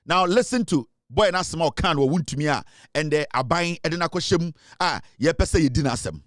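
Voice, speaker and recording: A man's voice: on the high side, expressive, a little fast, heavy background noise. A man with a Ghanaian accent hosting a political talk show, lecturing emphatically in commentary. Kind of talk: political commentary mixing English and Twi.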